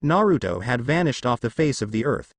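A man narrating a fan fiction story with steady storytelling. His pitch moves in a lively way, and the recording is close and dry with no room sound. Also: brisk, dry recording. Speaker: story reader.

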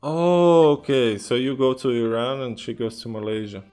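A man's voice: medium pitch, expressive, moderate pace, a little mellow, clean tone, faint music behind. A man chatting casually on a video call, teasing and laughing often. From Russia. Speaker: host.

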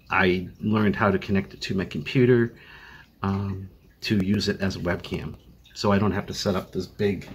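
A man's voice: sits low, slight background noise. An older man with a Boston accent giving a tired, rambling video update from home, full of fillers and restarts. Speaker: vlogger living with chronic illness. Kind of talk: casual personal video update. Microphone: phone used as webcam.

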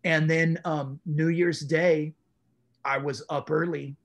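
A man's voice: a little high, flat delivery, slow pace, vocal fry. A man in his forties, a guest in a casual interview, telling his story with animation and acting out his own inner voice. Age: 40s.

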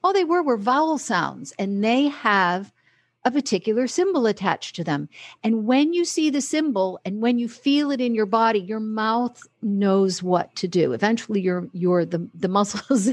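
A woman's voice: mid-range voice, lively intonation, moderate pace, no room sound. A woman voice and speech coach, a guest on a casual podcast, talking with enthusiasm, articulating precisely and laughing easily. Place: home in Philadelphia.

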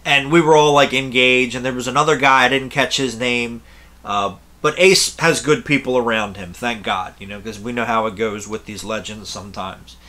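Blunt, rambling man with a bright voice. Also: medium pitch, fairly even intonation, normal speed. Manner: rambling, blunt, swears freely. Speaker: concert reviewer. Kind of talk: casual storytelling to camera.

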